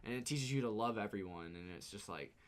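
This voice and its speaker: A man's voice: lowish voice, lively intonation, a little fast. A man co-hosting a podcast in casual chat, earnest and laughing easily, with casual swearing. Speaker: podcast co-host.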